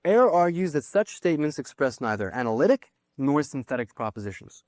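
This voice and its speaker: A man's voice: on the high side, sing-song, a little fast, darkish tone, no echo, studio quality. A man giving a philosophy lecture to a class, thinking aloud with small restarts and asides.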